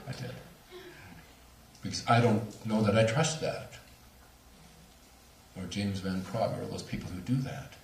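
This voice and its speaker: A man, a speaker on near-death experiences, telling a story to a lecture audience with animated, laughing delivery. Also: lowish voice, measured pace, vocal fry, pauses often, roomy sound, distant mic. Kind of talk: storytelling at a talk.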